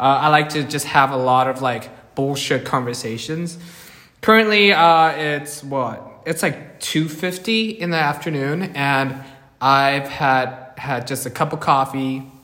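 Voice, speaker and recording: A man's voice: a little high, pushed and bright. A man hosting a casual solo podcast from a bigger indoor room, rambling and self-deprecating, often chuckling as he talks. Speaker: podcast host.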